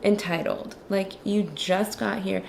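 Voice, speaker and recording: An illustrator and movie commentator chats casually about a film while she draws, her medium-pitched voice showing vocal fry and fairly even intonation at an unhurried pace. She is sarcastic and chatty and says "like" a lot, with slight background noise.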